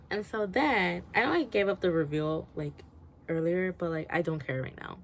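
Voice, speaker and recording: A woman's voice: fairly low pitch, measured pace, vocal fry, a little hiss or hum. A woman giving a casual, rambling rant review, swearing freely and laughing often. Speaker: book reviewer.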